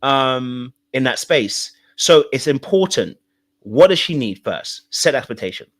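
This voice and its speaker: A man's voice: medium pitch, lively intonation, measured pace. A man coaching viewers on relationships in a live-stream talk, emphatic and repetitive, often checking in with the audience. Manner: emphatic, repeats points, checks in with "okay? all right?".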